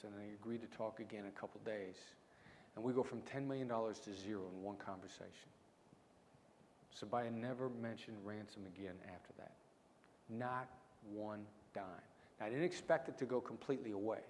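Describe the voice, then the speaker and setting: A middle-aged man with a mix of small-town Midwestern and New York City accent, giving a punchy keynote with dramatic pauses. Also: fairly low pitch, steady tone, darkish tone. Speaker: keynote speaker, negotiation expert. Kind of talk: conference keynote storytelling. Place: large lecture hall. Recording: hall reverb, faint room noise.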